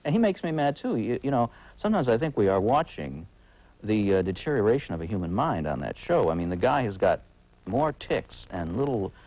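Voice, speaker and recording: A man in his forties with a very low, deep voice talks as a guest in a TV studio. His speech is wry and halting, full of restarts and uh's. He has a casual, conversational way of talking. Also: sing-song, darkish tone, low-quality recording. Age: 40s. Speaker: TV critic guest. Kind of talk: casual talk-show conversation. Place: TV talk show studio.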